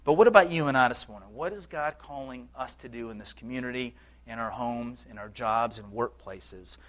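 Male pastor, mid-pitched, earnest conversational sermon delivery. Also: normal speed, fairly bright tone. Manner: earnest, conversational preaching with occasional fillers.

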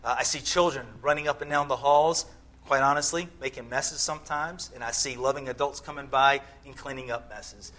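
Middle-aged pastor guy preaching, bright clear voice, goes hushed then punchy. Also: medium pitch, steady tone, a little fast, rough recording. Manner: storytelling, shifts between hushed and emphatic. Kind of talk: sermon.

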